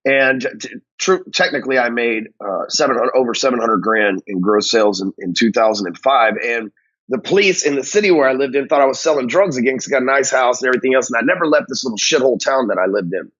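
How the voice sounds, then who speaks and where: A man's voice: mid-range voice, quick pace, a bit bright, highs cut off. A man from North Texas, telling his own story in a blunt, angry, profane monologue as a sales coach. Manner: blunt, angry, swears constantly.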